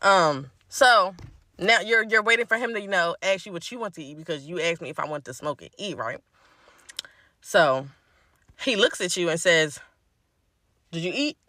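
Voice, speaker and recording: A woman's voice: on the low side, expressive, moderate pace, pauses often, pushed and bright, no room sound. A woman telling a casual, exasperated storytime about a date.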